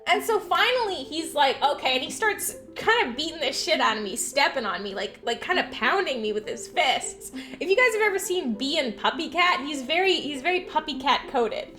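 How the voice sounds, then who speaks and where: A young adult woman streamer telling stories in a casual, animated chat, swearing freely. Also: high voice, normal speed, few pauses, soft background music.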